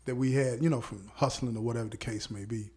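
A man hosting a podcast, telling a story in a casual, animated way, laughing often and checking in with his listeners. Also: medium pitch, fast. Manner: animated, laughs often, peppers speech with "you know what I'm saying". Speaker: podcast host.

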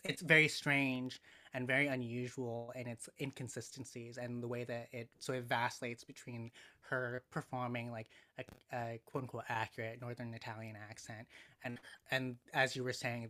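Male podcast guest, bright and forceful, measured and reflective, many pauses. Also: medium pitch. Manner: thoughtful, measured, frequent ums and pauses. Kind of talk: casual conversational analysis.

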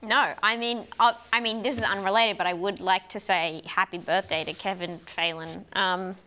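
Bright, chatty woman joking around. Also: medium pitch, steady tone, normal speed, rough recording. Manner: chatty storyteller, joking, heavy use of "like". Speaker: panel guest. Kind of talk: casual panel chat. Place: studio.

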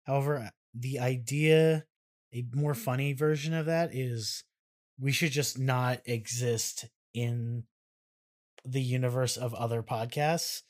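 A man's voice: mid-range voice, a little mellow. A man co-hosting a casual podcast, rambling and trailing off. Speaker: podcast co-host. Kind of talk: casual chat.

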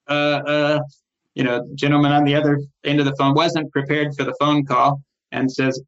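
Middle-aged man, firm manager, recounts anecdotes animatedly with mid pitch; slightly dull recording. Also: moderate pace. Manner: animated, rises in pitch when quoting others, frequent restarts. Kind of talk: conversational storytelling interview. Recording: slightly muffled, lo-fi sound.

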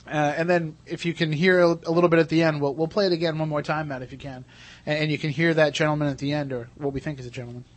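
A man's voice: on the high side, flat delivery, fast. A man hosting a radio show, chatting eagerly and at length with his guests. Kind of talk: casual radio chat.

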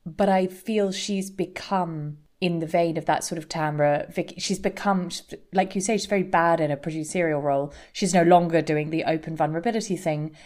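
A woman's voice: on the low side, a little mellow. A woman co-hosting a podcast, chatting in a reflective way with easy laughter. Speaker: podcast co-host. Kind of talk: casual chat.

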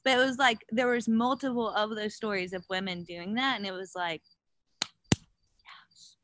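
A woman chatting casually as a podcast guest, an animated storyteller who acts out quotes, with many fillers. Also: medium pitch, normal speed, background noise. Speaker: guest, gravel bike racer.

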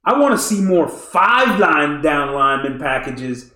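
A man co-hosting a casual sports podcast, talking in an animated, emphatic way and laughing often. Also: on the high side, a little slow, roomy sound.

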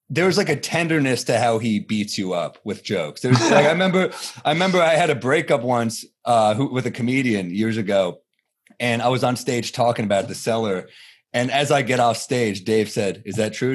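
A comedian, appearing as a guest in a casual interview chat, tells stories in an animated way. He acts out quotes with sudden jumps in pitch.

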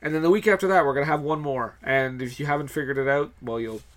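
A man's voice: a little high, fast. A man hosting a film podcast in casual chat, teasing his co-host and plugging the show. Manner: upbeat, plugs the show, teasing.

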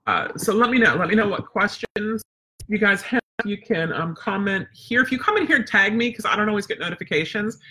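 A woman's voice: mid-range voice, animated, fairly quick, bright, forceful tone, a little hiss or hum. A woman dog trainer teaching a casual live webinar, chatty and rambling with lots of fillers.

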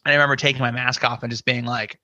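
A man's voice: medium pitch, little pitch movement, racing, pushed and bright, no echo, muffled recording. A man guesting on a podcast, telling a story casually with lots of "you know" and acted-out inner quotes. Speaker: podcast guest, scare actor.

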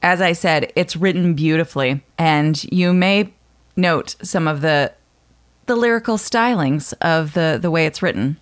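A woman with a lowish voice talks through her research notes on a casual podcast. She stops often with ums and restarts as she walks her co-host through it. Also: a little slow. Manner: explains from notes with frequent fillers. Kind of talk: casual chat, reading notes.

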